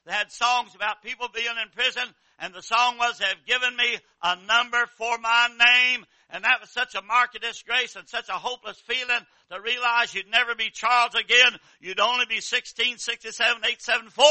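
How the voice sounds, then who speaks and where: Older male revival preacher, high voice, fervent repetitive cadence, low murmurs to shouts. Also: fairly even intonation, moderate pace, few pauses, no room sound. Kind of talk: revival sermon.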